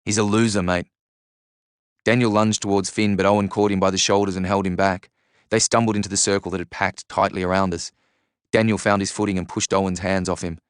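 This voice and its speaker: Low, resonant male narrator reading fiction steadily; dry studio sound. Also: little pitch movement, fast, clear, resonant tone, no room sound. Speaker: audiobook narrator. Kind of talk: first-person novel narration.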